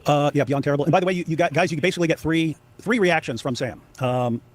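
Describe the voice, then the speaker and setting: A man offers casual, sarcastic commentary at a quick pace, sometimes mocking others by quoting them in exaggerated high-pitched voices.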